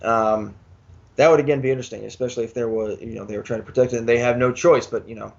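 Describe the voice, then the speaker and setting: A man, talking casually as a podcast co-host about a movie, measured and thoughtful. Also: medium pitch, steady tone, gravelly, lo-fi sound. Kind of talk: casual movie review chat.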